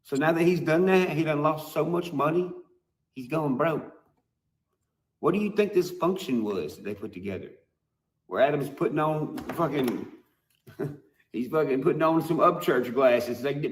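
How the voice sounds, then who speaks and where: A man's voice: on the high side, lively intonation, unhurried, pauses often. A man, a musician, ranting to his fans in a mocking, heavily profane, emphatic way. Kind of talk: profane video rant. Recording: roomy echoey room.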